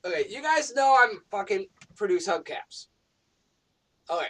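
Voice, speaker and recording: High, animated man telling a profane story. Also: measured pace, recorded from a distance. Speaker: round table panelist. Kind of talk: casual panel chat, storytelling.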